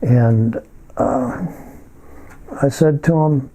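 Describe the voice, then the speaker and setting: An older man telling a story in a casual monologue, halting and rambling with many filler pauses. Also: medium pitch, dark tone, rough recording.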